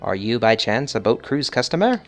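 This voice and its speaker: A man's voice: medium pitch, very animated, normal speed, faint music behind. A man voicing an old potion-selling hag woman in an old-time 1950s announcer manner. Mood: cheery.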